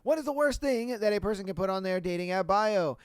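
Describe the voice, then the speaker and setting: A man's voice: sits high, fairly quick, clear, resonant tone, dry recording, studio quality. A man hosting a podcast alone, ranting bluntly in casual slang with plenty of swearing. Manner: blunt, profane, animated, with slang. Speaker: podcast host. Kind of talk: casual solo rant.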